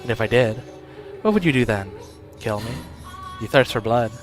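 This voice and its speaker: A man's voice: mid-range voice, lively intonation, soft background music, lightly acted. A man voicing a smug mocking inner voice. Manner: smug, slow, chuckling. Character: taunting inner voice, cold and mocking.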